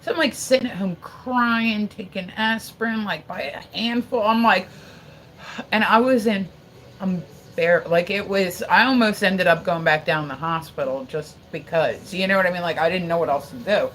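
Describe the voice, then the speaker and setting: A woman's voice: on the low side, moderate pace, a bit bright, slight background noise, low-quality recording. A woman in her forties telling a long story on a livestream in a casual, rambling way. She swears freely, leans on "like" constantly, and breaks off to thank viewers. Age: 40s. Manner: chats to viewers between stories.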